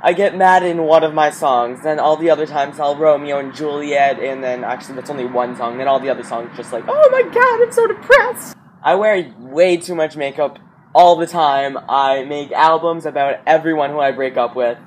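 A young vlogger in a celebrity guessing game, playful and laughing, slipping into quick mock impressions. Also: medium pitch, a little hiss or hum, rough recording. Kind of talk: casual chat.

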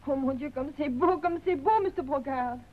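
A woman's voice: sits high, brisk, close to an everyday voice. An actress playing a homesick young French woman with a French accent, emotional and pleading in 1930s film acting. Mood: delighted. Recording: dull 1930s film soundtrack.

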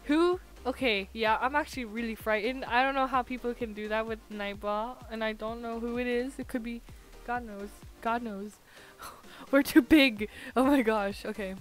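A woman streaming a game, chatting to viewers in an excitable, chatty way and laughing often. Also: a little high, moderate pace, faint music behind. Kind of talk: casual live-stream gaming chat.

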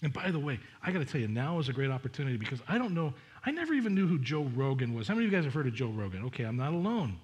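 A middle-aged man, a pastor preaching a sermon in a chatty, animated way with asides to the congregation. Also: medium pitch, very fast, few pauses, lo-fi sound.

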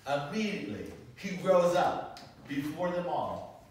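Man, pastor teaching bible class, lively swooping delivery, slightly high voice, echoey classroom from far off, background noise. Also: measured pace. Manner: animated, peppers talk with rhetorical "right?".

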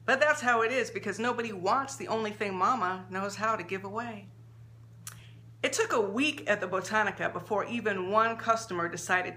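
A woman author reading her own short story aloud in an expressive, measured storytelling manner. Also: mid-range voice, slight background noise.

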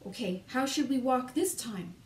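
A woman's voice: on the high side, lively intonation, moderate pace, slight background noise. A woman leading a children's activity lesson as an early childhood educator, coaxing young kids in a sing-song voice and inviting them to join in.

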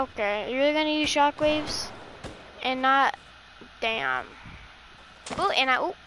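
A young woman chatting excitedly and swearing casually while playing a video game with a friend. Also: high voice, unhurried, pauses often, slight background noise, rough recording. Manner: excitable, swears and laughs often. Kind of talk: casual gameplay chat.

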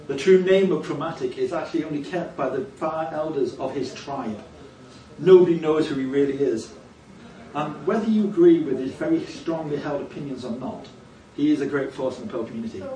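A man's voice: fairly high pitch, mellow. Wry man giving a conference talk. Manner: wry, self-deprecating humour. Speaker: conference organiser and speaker. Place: conference hall. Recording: echoey hall, distant mic, audience present.

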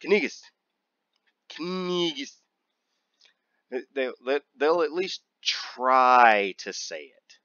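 Slow, joking gaming host, dull dry sound. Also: male voice, medium pitch, lively intonation, sharp tone, no room sound. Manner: joking, rambling, drags out and repeats words. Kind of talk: casual gameplay commentary.

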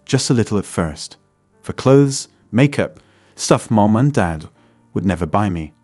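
Guilty, tearful teenage girl with a small pleading voice, read by a man with a low voice over soft music. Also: lively intonation, measured pace, dry recording.

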